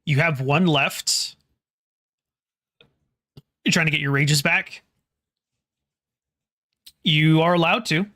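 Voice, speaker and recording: A game master running a tabletop horror game, halting and restarting phrases while describing the scene and calling for rolls. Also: medium pitch, a bit bright.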